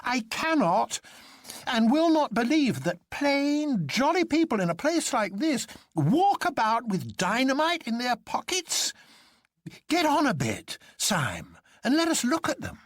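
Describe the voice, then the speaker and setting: A reader voicing an impatient, jolly doctor who mocks his friends loudly, in a story reading. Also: high voice, big pitch swings, measured pace, no echo, studio quality, pitched above the performer's own voice. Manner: loud, mocking, cheerful. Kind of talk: audiobook character reading.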